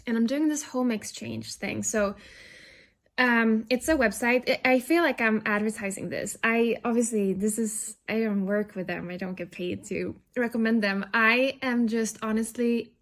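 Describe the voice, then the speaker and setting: Young woman vlogger, slightly high voice, rambling and self-deprecating, talking casually to camera indoors in an apartment. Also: normal speed. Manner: rambling and self-deprecating, many fillers and restarts. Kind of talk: casual vlog chat.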